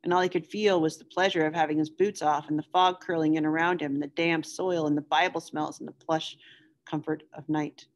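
A woman teacher reads a novel aloud for her students in a measured, steady pace of narration. Her voice sits low for a woman. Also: dull audio.

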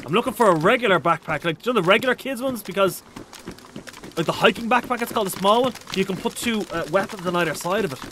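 A man's voice: high voice, sharp tone, a little hiss or hum. An Irish man chatting casually while streaming a game, reading out viewer comments in a rambling, restart-prone way.

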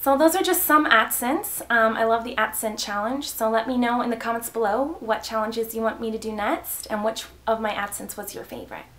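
A woman playing Miranda, a smug high-voiced vlogger girl. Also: a little fast, hardly any pauses, fairly bright tone, lightly acted. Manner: smug, oblivious, mangles words. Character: clueless self-important girl vlogger. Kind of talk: comedic character vlog.

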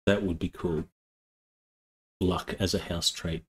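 A man playing in a tabletop game, chatting casually and speaking in a slow, hesitant way. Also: sits low, steady tone, husky. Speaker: player. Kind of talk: casual chat while planning a tabletop game.

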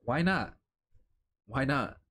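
A young man from Chicago talking casually and excitedly, with lots of slang and swearing, as he reacts to new streetwear items. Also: medium pitch, takes it slowly. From Chicago, United States. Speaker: streetwear vlogger. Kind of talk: casual commentary while browsing a lookbook.

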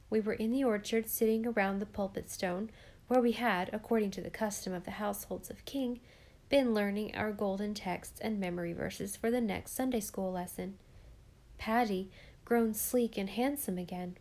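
Woman, audiobook narrator, measured reading, mellow warm tone. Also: medium pitch.

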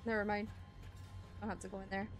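A woman's voice: medium pitch, level tone, fast, soft background music. A woman gaming streamer giving jumpy, easily scared let's play commentary with constant exclamations.

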